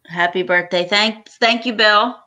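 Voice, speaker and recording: A woman's voice: mid-range voice, unhurried, bright, forceful tone, low-quality recording. A woman hosting a casual livestream chat, rambling and chatty with frequent laughter. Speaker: podcast host.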